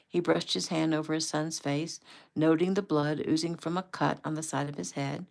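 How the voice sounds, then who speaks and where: A woman reads her own novel aloud at home, casual and unhurried, as if the listener is sitting in the room with her. Her voice is low and gravelly. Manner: relaxed, conversational. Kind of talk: casual audiobook reading.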